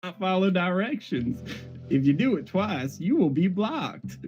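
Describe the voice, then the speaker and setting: A stiff, prim robot messenger with a Southern-belle lilt, put on by a man. The pitch swoops widely as the stern warning is read out in a halting way. The stream audio is dull and lo-fi, with faint music underneath. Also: big pitch swings, darkish tone. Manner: stiff, halting reading, breaking into laughter.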